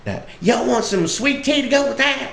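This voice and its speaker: A man voicing a sweet, hospitable little old lady with a Southern accent and a high, drawling voice. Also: lively intonation, gravelly, a bit bright, a little hiss or hum, full character voice. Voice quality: high, thin voice with a slow drawl. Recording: echoey room.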